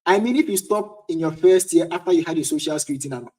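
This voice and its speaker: A young Ghanaian man in his twenties speaks very fast with a fairly high pitch and a darkish tone. He's hosting a casual livestream chat, answering viewers' questions.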